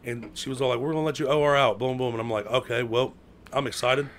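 A man from the United States spins a long story in casual chat, leaning on slang and constant fillers. He jumps into loud outbursts when he acts out what people said. His voice sits in a middle range, with a faint hiss of noise behind it. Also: medium pitch, fast talker. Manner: animated, acts out quotes with sudden loud outbursts; heavy slang, lots of "bro" and "like".

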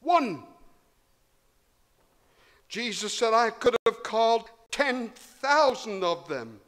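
A man preaching a sermon, swinging between loud emphasis and hushed low tones. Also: very animated, slow pace. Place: church hall. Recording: long hall reverb.

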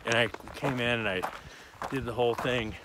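A man in his forties, a comedian, chatting casually while hiking and telling animated stories outdoors. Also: moderate pace, very noisy. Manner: animated storyteller, jumps into high voices for quotes. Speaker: comedian guest.

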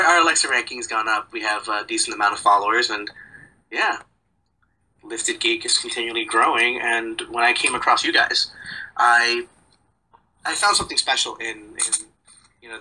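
A man's voice: medium pitch, pushed and bright, slightly rough, low-quality recording. Rambling, joking young man. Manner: rambling, joking, self-deprecating. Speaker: podcast guest. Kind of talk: casual chat.

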